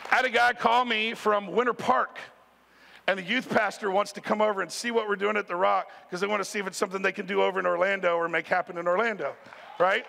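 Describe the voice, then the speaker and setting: A man preaching a sermon as pastor, telling a story in an animated, conversational way and speaking straight to the congregation. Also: high voice, fast talker, vocal fry, long reverb tail, a faint crowd, slight background noise. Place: church sanctuary.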